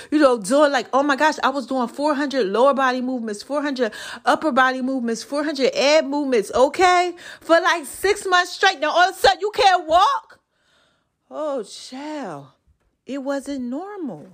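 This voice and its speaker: A woman hosting a solo podcast, talking casually and warmly to her listeners, testifying about her life and calling them y'all and child. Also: fairly high pitch. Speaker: podcast host.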